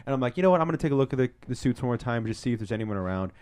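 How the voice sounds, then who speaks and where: Fast-talking excitable young man. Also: medium pitch, no echo, studio quality. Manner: excitable, swears often, acts out quotes. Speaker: podcast co-host. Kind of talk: casual storytelling chat.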